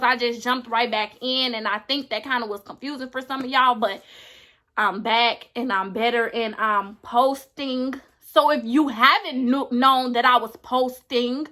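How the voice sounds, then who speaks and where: A woman's voice: high-pitched, bright, forceful tone. A woman vlogging casually to her viewers, earnest and gushing as she talks straight to them. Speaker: beauty YouTuber. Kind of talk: casual vlog to camera.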